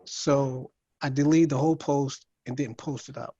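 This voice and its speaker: A man's voice: mid-range voice, fairly even intonation, dark tone, husky, dry recording. Hesitant man on dull dry call audio. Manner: hesitant, halting, many fillers. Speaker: workshop participant. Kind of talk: casual chat.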